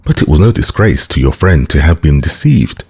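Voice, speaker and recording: A man's voice: a bass voice, very animated, normal speed, creaky, darkish tone, slightly rough, exaggerated voice. A man reading an audiobook, voicing a grateful young bandit messenger who speaks earnestly and deferentially.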